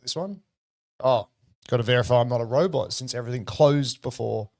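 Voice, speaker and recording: An Australian man hosting a livestream, talking in a rambling, excitable and profane way. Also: medium pitch, brisk, creaky, dry recording, clean studio sound. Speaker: livestream host. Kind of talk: casual livestream commentary.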